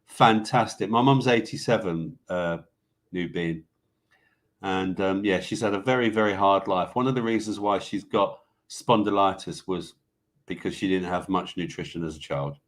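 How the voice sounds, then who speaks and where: A man's voice: low-pitched, moderate pace. A man hosting a casual live show, rambling through viewer comments and news items in an offhand, swearing way. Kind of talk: casual livestream chat.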